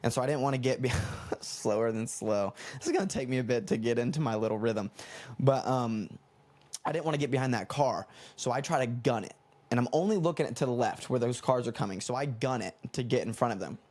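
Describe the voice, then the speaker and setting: A young man from the United States hosting a comedy podcast, telling a rambling, animated story and correcting himself as he goes. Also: medium pitch, fast talker. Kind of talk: casual storytelling monologue.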